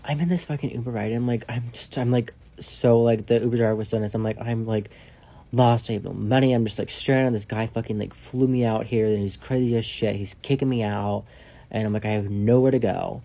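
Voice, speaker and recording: A man telling a casual storytime, rambling and swearing, leaning on "like" and dropping into hushed asides. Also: fairly low pitch, steady tone, fairly quick, vocal fry. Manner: rambling, profane, heavy use of "like"; drops to a hushed whisper for asides.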